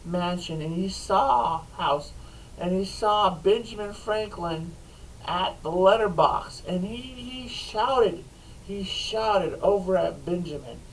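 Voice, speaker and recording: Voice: mid-range voice, expressive, slow, far from the mic, a little hiss or hum, rough recording. A storyteller improvising a comic tale, rambling and restarting sentences often. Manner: rambling, restarts, frequent laughter.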